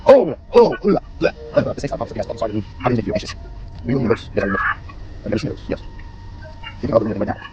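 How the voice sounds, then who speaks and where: Creepy glitchy computer test voice, pitch leaps all over, game music behind. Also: male voice, lo-fi sound. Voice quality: garbled, erratic jumps in pitch. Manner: cold, menacing.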